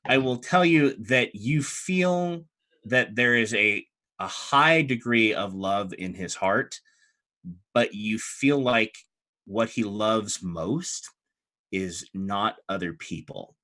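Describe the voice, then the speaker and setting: Bright-voiced man running a tabletop game. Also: fairly low pitch, slow. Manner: relaxed, chatty narration with fillers. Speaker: game master.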